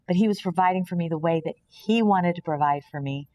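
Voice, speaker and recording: A woman's voice: lowish voice, fast talker, warm tone, dull audio. A woman from Kansas, a podcast guest, earnestly sharing a personal faith testimony and often acting out imagined dialogue. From Kansas, USA.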